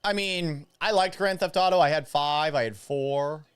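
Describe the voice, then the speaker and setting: A man's voice: fairly high pitch, moderate pace, a bit bright, clear, resonant tone, no echo. A man in his thirties who grew up in Florida, hosting a casual live watch party, calling plays and reading viewer comments in a rambling, chatty way. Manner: rambling, reads viewer chat, play-by-play asides. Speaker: sports talk host.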